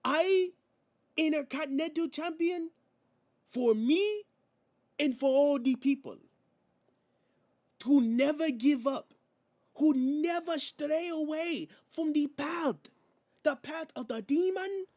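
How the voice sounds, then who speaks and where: A man putting on a boastful male wrestling champion who speaks slow, broken English with a Spanish accent. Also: very high-pitched, voice pushed up. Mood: proud. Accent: put-on Spanish-accented English. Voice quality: loud, slow, declaiming and grand.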